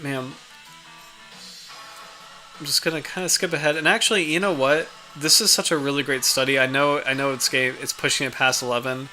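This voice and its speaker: A man's voice: medium pitch, fairly even intonation, fairly quick, bright, forceful tone, faint music behind. A man hosting a casual livestream, reading out a study and chatting with viewers, with many fillers and restarts. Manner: rambling, reads out study, chats with viewers. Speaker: livestream host.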